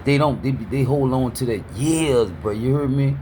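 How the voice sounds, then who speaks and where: A man speaking delivers a preachy street talk. He keeps asking "you heard me", stutters through restarts, and uses an average-pitched voice. A faint noise sits under the recording. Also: moderate pace, warm tone. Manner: repeats "you heard me" constantly, stammers on restarts. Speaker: motivational speaker.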